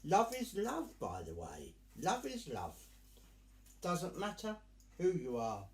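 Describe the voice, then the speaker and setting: A man's voice: a little high, huge pitch swings, slow pace, a little mellow, roomy sound. Camp, theatrical drag performer, man. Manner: camp, theatrical, calls listeners dear and darling. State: sweltering in costume. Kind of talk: live virtual Pride stage address.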